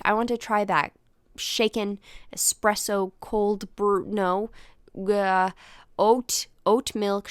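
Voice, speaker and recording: Young female podcast host, chatty storyteller, smooth voice, close dry mic. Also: medium pitch, no room sound. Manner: animated, swears freely, acts out voices in quotes. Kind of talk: casual solo storytelling.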